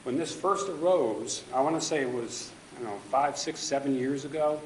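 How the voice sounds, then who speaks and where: A man's voice: mid-range voice, normal speed, slight background noise. Man objecting firmly in an echoey chamber. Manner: emphatic, pointed objections. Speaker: resident giving public comment. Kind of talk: public comment at a council meeting. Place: council chamber.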